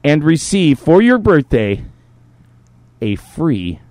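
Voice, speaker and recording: Profane fifty-something man telling animated stories. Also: a little high, takes it slowly, dry recording. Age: 50s. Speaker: podcast co-host. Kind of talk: casual podcast banter.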